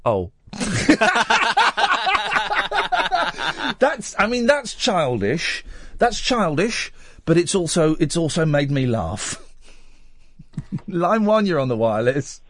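A man's voice: a little high, sing-song, slow pace, dry recording. A middle-aged man hosting a late-night radio phone-in, rambling and self-mocking as he chats with callers.

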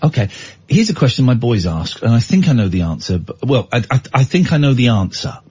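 A man's voice: mid-range voice, big pitch swings, fairly quick, mellow, slightly rough, dull audio. A man hosting a radio show, bantering and joking with mock arrogance. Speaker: radio host. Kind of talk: casual radio chat.

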